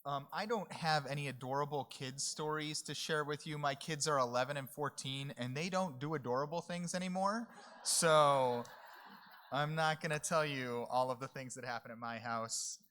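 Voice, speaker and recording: A man's voice: a little high, moderate pace, fairly bright tone. Easygoing man opening a conference talk. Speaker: conference presenter. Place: conference room.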